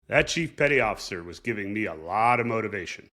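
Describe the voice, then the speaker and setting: A man's voice: lowish voice, lively intonation, fast, pushed and bright. Podcast guy telling his own story, earnest, voice goes up and down a lot. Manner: earnest, reflective. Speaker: podcast host. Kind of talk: personal storytelling monologue.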